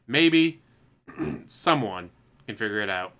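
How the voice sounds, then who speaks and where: Man, bright mid voice, casual speculative rambling, relaxed chat. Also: mid-range voice, slow pace, gravelly. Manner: speculative, musing, chuckling asides.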